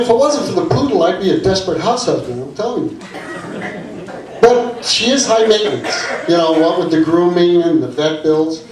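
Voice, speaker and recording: An older man performing stand-up, with chatty asides that prod the audience. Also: fairly high pitch. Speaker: stand-up comedy student. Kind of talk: stand-up routine. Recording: echoey room from a distance, audience.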